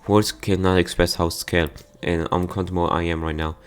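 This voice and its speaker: Reading a visual novel aloud for his gameplay channel, this man speaks in a low, level voice at normal speed, smooth and with hardly any pauses. His delivery is plain, with occasional stumbles over words and sudden outbursts.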